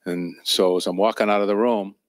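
A man's voice: on the low side, fairly even intonation, a little fast, dry recording, studio quality. A man teaching at a church training session, telling personal ministry stories in a conversational, anecdotal way with fillers and chuckles. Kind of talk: storytelling sermon.

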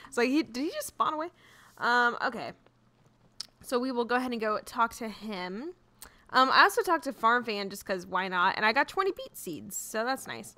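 A young woman rambling cheerfully through a farming game, giggly and quick to get flustered. Her voice is bright and sits fairly high, swinging widely in pitch. Soft background music plays under her chatter. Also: sing-song. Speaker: gaming YouTuber. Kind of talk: casual let's-play commentary.

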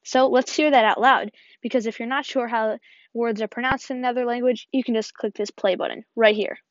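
Tutorial host: woman with a higher voice, upbeat step-by-step walkthrough, dry lo-fi recording. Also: fairly even intonation, brisk, dry recording. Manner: step-by-step, upbeat, often says "perfect". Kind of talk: screen-recording app tutorial voice-over. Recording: dull, dry lo-fi voice-over.

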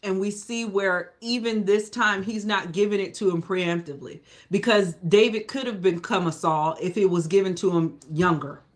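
A Bible study teacher leading a live church lesson, with a voice sitting at an ordinary middle pitch. The delivery is relaxed and conversational. The teacher keeps checking in with the group and sometimes backs up to rephrase a thought. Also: normal speed, hardly any pauses. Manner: conversational, often asks "you know?"; restarts and self-corrections.

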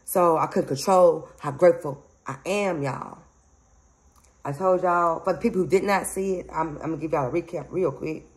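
Her voice is low and her speed normal as this psychic medium channel host rambles emphatically through a casual spiritual vlog. She laughs a lot and addresses viewers as "y'all," though the audio is poor.

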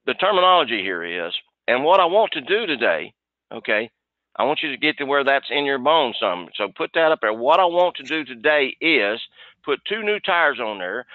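A man's voice: medium pitch, very animated, moderate pace, no room sound. A man coaching salespeople on a video call in a folksy way, often repeating "okay". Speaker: sales trainer. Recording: dry, tinny phone-like line.

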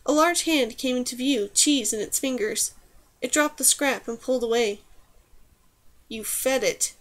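A woman reading a fantasy novel aloud, her voice on the higher side. She narrates in a steady, even storytelling manner, clear and scripted. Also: normal speed. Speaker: audiobook narrator.

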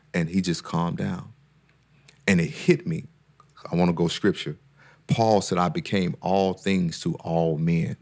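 A man with a very low voice and a gravelly, creaky edge talks as a podcast guest. His delivery is earnest and preacher-like, building up when he drives a point home. He often repeats himself and restarts his sentences mid-thought. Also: fairly even intonation, measured pace, a little mellow. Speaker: therapist and guest speaker. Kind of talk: casual podcast conversation.

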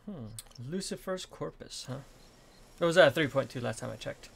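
A man's voice: mid-range voice, brisk, gravelly, a bit bright, slight background noise. A man chatting casually with a friend while playing a game, in an easygoing way. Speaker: gamer. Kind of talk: casual chat while gaming.

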